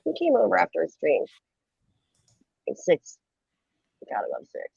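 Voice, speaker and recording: A woman's voice: lowish voice, wildly swooping pitch, measured pace, vocal fry, a little mellow, husky, no room sound, muffled recording. A woman hosting a late-night livestream, chatting playfully, giggling and rambling. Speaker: livestream host. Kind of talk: casual late-night stream chat.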